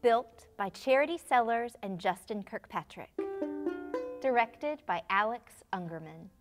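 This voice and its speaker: A woman, the puppeteer, reading out the credits of a puppet show clearly. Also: mid-range voice, animated, unhurried, over music. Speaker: puppeteer and writer. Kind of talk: announcing credits.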